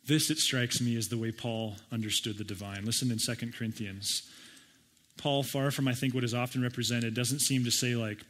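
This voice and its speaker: A man's voice: mid-range voice, fairly even intonation, moderate pace, fairly bright tone. A middle-aged man preaching a sermon, conversational and stumbling over repeated words, lifting his voice to read scripture aloud. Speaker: pastor.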